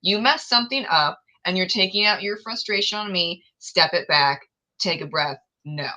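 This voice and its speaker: A woman's voice: fairly low pitch, normal speed, sharp tone, low-quality recording. A woman hosting a casual livestream chat, talking candidly and laughing often. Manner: candid, laughs often, acts out quoted exchanges. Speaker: livestream host.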